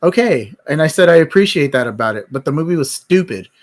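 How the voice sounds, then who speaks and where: Here a man with a slightly high voice talks fast, his intonation lively. He's hosting a live stream and chatting loosely about movies, blunt and rambling, with plenty of profanity.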